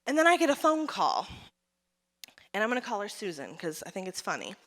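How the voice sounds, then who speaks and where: A woman giving a motivational keynote speech at a conference, telling her story with animated energy and calling out to the audience. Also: mid-range voice, brisk. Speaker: keynote speaker and salon owner. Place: conference hall. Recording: reverberant hall.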